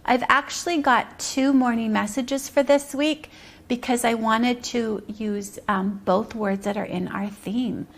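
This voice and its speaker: A woman teaching a preschool circle-time lesson, speaking in a slow sing-song way and stretching out rhymes and syllables. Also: fairly high pitch, fairly even intonation.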